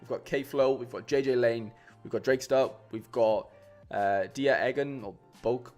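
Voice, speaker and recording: A man chats casually to his live-stream viewers in a middle-pitched voice, rambling with plenty of fillers and restarts. Faint music plays quietly behind him. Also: normal speed. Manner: chatty, rambling, many fillers and restarts, says "mate" a lot. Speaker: streamer building fantasy football lineups.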